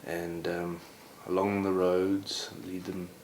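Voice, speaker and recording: A man with a low voice tells a story slowly and conversationally, scattering "sort of" throughout. The recording has a roomy echo and faint background noise.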